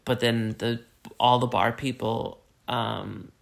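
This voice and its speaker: A man co-hosting a podcast, retelling a story in casual chat and jumping into high squeaky voices for the characters. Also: little pitch movement, takes it slowly, creaky. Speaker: podcast co-host.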